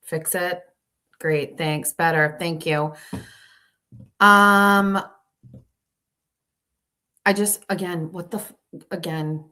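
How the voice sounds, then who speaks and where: A woman hosts a casual livestream from home and talks straight to her viewers through her laptop mic. Her voice sits a little low, and her rant is irritated and full of swearing. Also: steady tone, drawn-out words, long pauses, sharp tone. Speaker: livestream show host.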